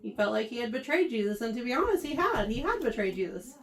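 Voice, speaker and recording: A woman teaching a Bible lesson to a youth class, animated and often checking in with her listeners. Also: a little high, quick pace. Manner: animated, keeps checking in with "right?". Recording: voice heard from far off the mic.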